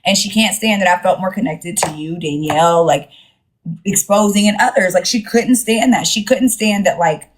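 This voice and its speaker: A woman with a husky, somewhat low voice talks candidly on a live stream. She circles back to her points and leans on frequent fillers. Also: moderate pace, poor audio. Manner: candid, repeats herself with frequent "like". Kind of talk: casual live-stream chat.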